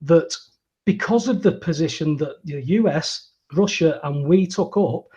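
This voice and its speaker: A man hosts a casual audio talk show, his voice mellow and a little husky, sitting slightly higher than most men's. He rambles and restarts his sentences, and he perks up when he agrees with his guest. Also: a little slow. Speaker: host. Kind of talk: casual conversational podcast chat.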